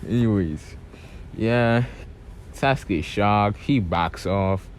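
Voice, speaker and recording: A man's voice: fairly low pitch, drawn-out words, slight background noise. A young man casually retelling a fan-made story in a loose, rambling way, full of fillers and restarts.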